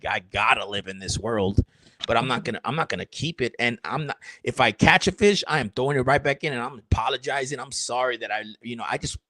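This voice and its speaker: A man rambling excitedly on a live stream, cursing and joking as a country musician. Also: mid-range voice, dry recording.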